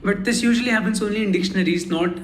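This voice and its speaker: Male tutor, high voice, slow and careful delivery with many repetitions, echoey room. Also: a little hiss or hum. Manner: slow and careful, repeats words for pronunciation. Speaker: language learner teaching lessons. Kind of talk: slow explanatory lesson.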